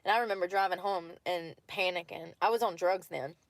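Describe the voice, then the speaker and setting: A woman's voice: fairly low pitch, fairly even intonation, fairly quick, heavy background noise. A woman talking in casual chat from a parked car at night, rambling, laughing often and swearing freely. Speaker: vlogger.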